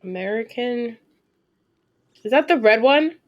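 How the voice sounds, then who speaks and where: A woman in her twenties streaming live gameplay commentary, chatting and thinking aloud, with sudden excited squeals and casual swearing. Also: fairly high pitch, measured pace, highs cut off.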